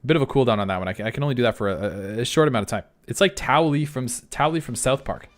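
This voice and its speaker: A man's voice: medium pitch, very fast. A young man streaming live, chatting casually in a self-deprecating way and often restarting his sentences. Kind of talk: casual livestream chat.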